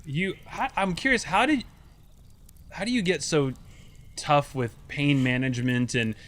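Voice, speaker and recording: A man interviewing a guest, asking questions with halting restarts and self-deprecating jokes. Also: on the high side, a bit bright. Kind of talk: casual interview.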